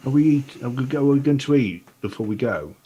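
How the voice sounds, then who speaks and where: A man's voice: mid-range voice, animated, fast talker, mellow, muffled recording, a little hiss or hum. A man speaking in character in a tabletop game, nervous and fretful. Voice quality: husky. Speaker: player.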